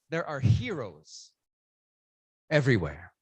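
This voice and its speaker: A keynote speaker at a conference who leads the audience through call-and-response and counts, breaking into loud shouts to rouse them. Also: medium pitch, big pitch swings, unhurried, long pauses. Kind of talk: motivational speech with audience participation. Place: conference room with a live audience.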